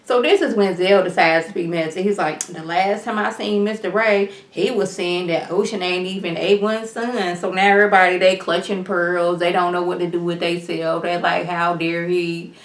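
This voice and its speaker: A woman giving a casual recap of a reality TV episode, chatty and quick, acting out the dialogue as she retells each scene. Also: fairly low pitch, fairly even intonation. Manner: talks fast at times. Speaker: reality TV reviewer. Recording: roomy echo.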